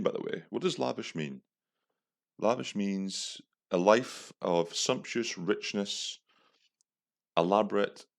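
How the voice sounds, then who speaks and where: A man hosts a solo comedy podcast. His voice sits very low. He rambles through the story with dry sarcasm. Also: gravelly. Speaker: podcast host.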